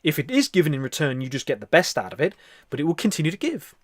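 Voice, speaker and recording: A man's voice: fairly high pitch, big pitch swings, quick pace, no echo. Earnest man hosting a meditation livestream. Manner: earnest, repetitive, soft-spoken. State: whispering softly. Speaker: livestream host. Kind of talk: spiritual livestream talk and guided meditation. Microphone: close microphone.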